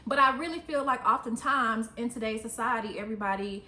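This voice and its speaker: A woman co-host gives her views in a relaxed, talkative way, sharing opinions at length. Her voice sits a little high, and the sound bounces around a reverberant room. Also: fairly quick. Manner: opinionated, talks things through at length. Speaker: podcast co-host. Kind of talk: casual chat.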